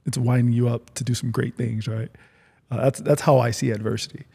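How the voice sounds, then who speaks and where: A man hosting a casual interview podcast, relaxed and chatty, often repeating his words as he asks follow-up questions. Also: mid-range voice, a little fast, vocal fry, slightly rough. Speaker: podcast host. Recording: long reverb.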